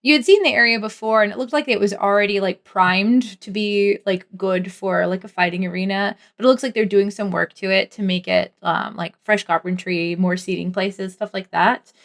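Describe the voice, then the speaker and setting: A woman's voice: medium pitch, steady tone, moderate pace, creaky, hardly any pauses. Rambling woman game master. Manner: rambling, full of "like" and "um". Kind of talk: narrating a tabletop game.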